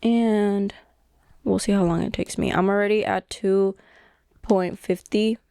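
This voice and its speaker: A young woman vlogging casually from her bedroom about her crochet work, chatty and excitable, thinking aloud as she goes. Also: medium pitch, measured pace, gravelly, dry recording, studio quality. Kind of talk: casual vlog chat. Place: bedroom at home.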